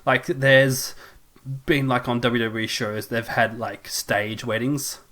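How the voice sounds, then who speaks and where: A man with an ordinary mid-range voice co-hosts a casual podcast. He talks in a relaxed, rambling way and fills his sentences with "like" and "um.". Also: mid-range voice, takes it slowly. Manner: relaxed, rambling, heavy on fillers like "like". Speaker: podcast co-host. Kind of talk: casual chat.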